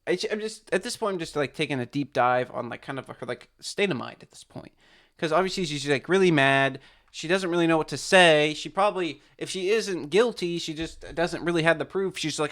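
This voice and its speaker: A man's voice: fairly high pitch, brisk, a bit bright. A man hosting a reaction video, rambling through casual commentary full of restarts and fillers.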